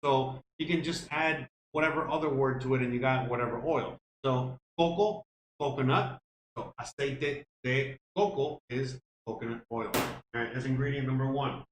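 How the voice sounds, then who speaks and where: A man's voice: medium pitch, moderate pace, a little hiss or hum. A Cuban-born man hosting his cooking live stream, chatting casually with viewers in a rambling, profane way. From Cuba. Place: home kitchen. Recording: echoey room with faint music.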